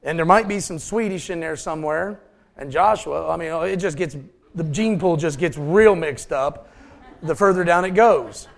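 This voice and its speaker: Folksy pastor with a gravelly voice. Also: male voice, fairly high pitch, normal speed. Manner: folksy, joking asides to the congregation. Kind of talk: sermon.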